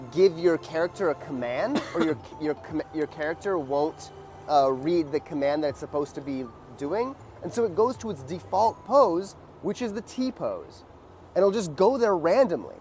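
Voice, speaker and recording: Man teaching a dance, saying "boom". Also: very animated, normal speed, darkish tone, faint music behind. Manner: loose, filler-heavy explaining with beat sounds like "boom". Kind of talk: casual dance lesson.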